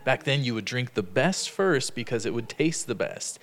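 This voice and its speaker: A man leads a relaxed Bible study in an easygoing, talkative way. He laughs often and acts out the stories in quick bits of dialogue. His voice sits at an ordinary middle pitch for a man. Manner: chatty, laughs often, retells stories in lively quoted dialogue. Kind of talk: casual Bible study teaching.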